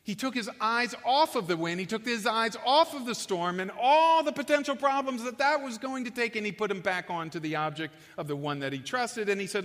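A man preaching a sermon with passion, building in loudness and then dropping to a hush. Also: sits high, expressive, a little fast, hardly any pauses. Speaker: pastor. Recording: long echo of a large hall.

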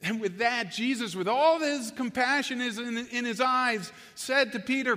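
A man preaching a sermon with passion, building in loudness and then dropping to a hush. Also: very high voice, big pitch swings, a little slow, hardly any pauses. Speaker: pastor. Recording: long echo of a large hall.

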